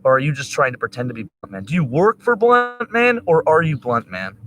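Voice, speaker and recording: A man's voice: on the high side, big pitch swings, a little fast, pitched above the performer's own voice. A man doing an incredulous guy grilling someone.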